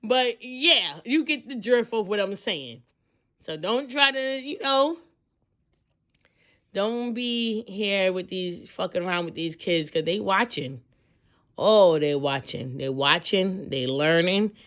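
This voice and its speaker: A woman in her thirties giving a loud, profane, animated pep talk as a tarot reader, acting out voices as she goes. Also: medium pitch, slow.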